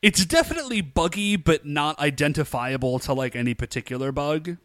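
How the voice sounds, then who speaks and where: A man co-hosts a podcast and recaps an episode in casual chat. His voice sits a bit high and moves all over the place. The sound is close and dry, with no room in it. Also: animated, a little fast, a bit bright, no room sound. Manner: chatty, laughing, acting out lines in quotes. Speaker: podcast co-host.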